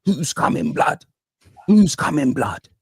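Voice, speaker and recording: A man's voice: on the high side, sing-song, takes it slowly, gravelly, darkish tone, husky, no echo, studio quality. A man hosting a football panel, ranting animatedly about his team with heavy slang. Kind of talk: heated football banter.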